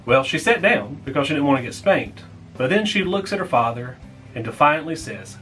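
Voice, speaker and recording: An American man who works as a pastor leads a small-group Bible lesson, speaking plainly and slowly repeating the main points so listeners can take notes. His mid-range voice is animated and slightly bright, with soft music in the background and poor audio quality.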